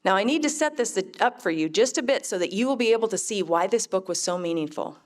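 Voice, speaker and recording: A middle-aged woman shares a personal testimony in an earnest, measured voice. Her pitch sits in an ordinary middle range, and she tells her story with heartfelt sincerity. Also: lively intonation. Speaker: mother giving a faith testimony.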